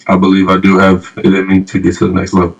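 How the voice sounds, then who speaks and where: A young man answers interview questions in a very low, flat voice, softly and with many fillers. The recording sounds dull and lo-fi. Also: quick pace. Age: young adult. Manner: soft-spoken, many fillers. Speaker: rookie athlete interviewee.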